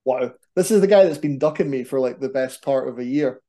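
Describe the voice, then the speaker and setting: A man, a wrestler, chatting casually as a podcast guest in an animated, rambling, self-deprecating way. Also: mid-range voice, fairly quick. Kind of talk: casual chat.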